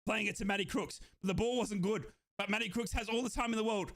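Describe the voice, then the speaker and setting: A young man from Australia hosts a football watchalong stream, alternating between euphoric yells and rapid play-by-play. His voice sits high and bright, with a sharp edge, and he is audibly out of breath from all the shouting. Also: fairly even intonation. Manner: euphoric fan shouting and yelling over goals, then rapid play-by-play. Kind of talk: excited live match commentary for a watchalong stream.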